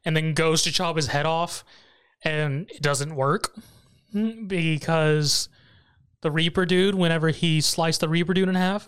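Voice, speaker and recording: An animated podcast host recaps an episode in loose, casual chat, laughing often and breaking into sudden high squeaks of amusement. The voice is mid-pitched and lively. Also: clean tone.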